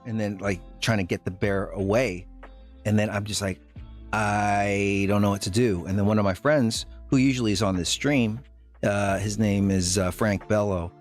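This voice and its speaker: A man streaming live, telling a story to his chat in a rambling, halting way, full of fillers and restarts. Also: lowish voice, fairly even intonation, soft background music.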